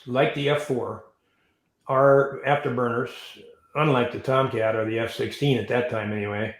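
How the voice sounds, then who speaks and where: An older man, a retired navy pilot, telling animated stories as an interview guest and acting out voices and sounds. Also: mid-range voice, reverberant. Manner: animated storyteller who acts out voices and sounds. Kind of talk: storytelling in an interview.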